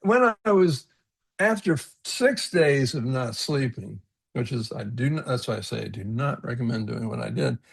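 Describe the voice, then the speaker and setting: Earnest man with a gravelly, husky voice. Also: medium pitch, expressive, moderate pace. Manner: earnest, reflective, often repeats words and restarts sentences; chuckles at his own stories. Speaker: presenter on a webinar panel. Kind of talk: personal storytelling talk.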